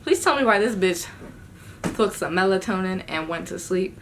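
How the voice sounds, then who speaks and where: A young woman tells a storytime to her camera at home, and her voice is bright and sharp. She is animated and exasperated, swearing freely as she acts out every line of dialogue herself. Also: medium pitch, moderate pace, a little hiss or hum. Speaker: vlogger. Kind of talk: casual storytime chat.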